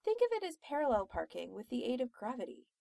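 A woman's voice: a little high, huge pitch swings, quick pace, gravelly, mellow, no room sound, heavily acted. Cool posh young woman, as a woman reads her, composed, dry.

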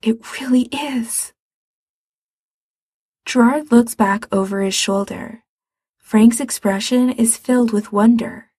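A woman reading a story aloud in a soft, unhurried narration. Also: on the high side, steady tone, no echo. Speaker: audiobook reader. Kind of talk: storybook narration of fan fiction.

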